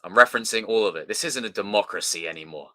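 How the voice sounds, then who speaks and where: A man's voice: lowish voice, quick pace, pushed and bright. A man hosting a live stream, chatting casually, reading viewer comments and swearing as he banters. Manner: banters and swears, quotes films mockingly. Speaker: livestream host.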